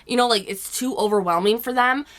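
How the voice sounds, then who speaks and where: A woman with a cold-roughened, hoarse voice, giving blunt, chatty advice to her viewers in a casual vlog. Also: on the high side, a little fast, fairly bright tone. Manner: blunt, chatty, with frequent "you know" and casual swearing. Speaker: YouTube vlogger. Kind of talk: casual advice chat to camera.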